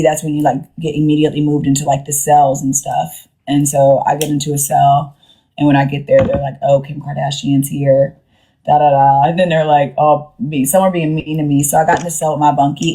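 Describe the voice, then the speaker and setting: Chatty low-voiced woman streaming live. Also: mellow. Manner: chatty and rambling, slangy, acts out quoted voices. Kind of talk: casual storytelling to a live-stream audience. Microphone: phone.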